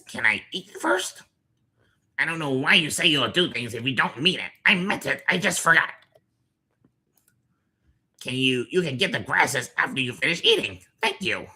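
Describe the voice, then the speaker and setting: A cowardly rat creature from a video game, whining and bickering with its partner. The voice is piercingly bright with a husky edge, and it leaps up and down in pitch. It sounds petulant and squabbling throughout. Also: full character voice. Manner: whiny, bickering. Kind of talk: video game character dialogue.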